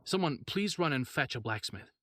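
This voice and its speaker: A man's voice: mid-range voice, expressive, normal speed, a bit bright, no echo, clean studio sound, voice pushed up. A man voicing a clinical, curious male scientist who speaks in a precise, erudite way. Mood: measured.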